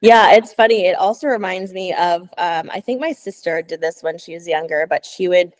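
A woman's voice: lowish voice, moderate pace. A young woman, a dog trainer co-hosting a podcast, talking casually with lots of fillers and acted-out quotes. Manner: chatty, animated quoted voices, frequent "like" and "um".

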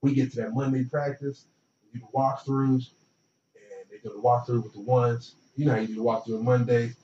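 A young man telling a college football story in relaxed, slangy talk, acting out what others said. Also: mid-range voice, a little fast, slight background noise. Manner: relaxed, slangy, animated retelling with quoted dialogue. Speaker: former football player, guest. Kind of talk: casual storytelling. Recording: roomy, distant, dull lo-fi sound.

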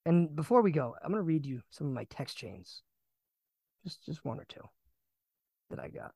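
A young man co-hosting a casual sports podcast, animated and ranting, often repeating himself. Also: on the high side, normal speed, gravelly, breathy edge, no echo. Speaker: podcast co-host.

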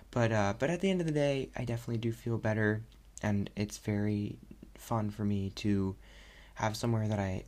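Young man rambling casually, gravelly voice. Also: fairly low pitch. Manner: rambling, animated, many fillers. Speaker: podcast host. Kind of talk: casual solo podcast chat.

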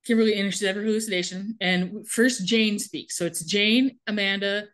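A chatty woman recapping a soap episode with lively storytelling and frequent laughs. Her voice sits at an ordinary mid pitch, relaxed and conversational. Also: a little fast. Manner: animated, storytelling, laughs often. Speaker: podcast co-host recapping a TV show. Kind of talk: casual chat, recapping episode.

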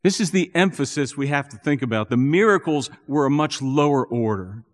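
A man preaching a sermon as a pastor, earnest and building to animated emphasis. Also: mid-range voice, fairly quick. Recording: long reverb in a church hall.

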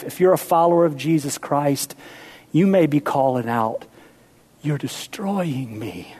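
Preaching a sermon in a high-pitched voice, this male pastor alternates between playful moments with the congregation and quiet, intense pleas.

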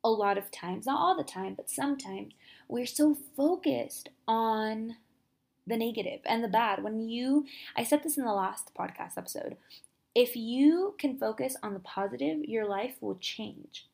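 A young woman hosting a podcast, giving a casual, upbeat motivational talk full of quick asides and filler words. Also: fairly high pitch, lively intonation, creaky, a little mellow. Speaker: podcast host.

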